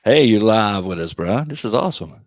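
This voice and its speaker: Laid-back male podcast host, low voice. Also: expressive, a little fast, no room sound, clean studio sound. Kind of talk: casual chat.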